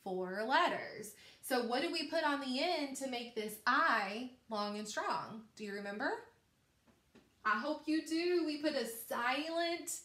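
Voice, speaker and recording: A woman teaching a recorded phonics lesson to young children, slow and encouraging, stretching out each sound. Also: high-pitched, lively intonation, bright, forceful tone, roomy sound.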